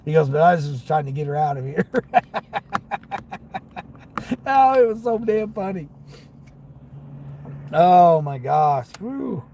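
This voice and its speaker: A man's voice: fairly high pitch, takes it slowly, vocal fry, pauses often, poor audio. A man telling a funny story in casual livestream chat while driving for deliveries, laughing and acting out what people said. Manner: laughing, animated retelling with quoted voices. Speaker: delivery driver streamer. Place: in a car. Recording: car noise behind the voice. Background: car and street noise.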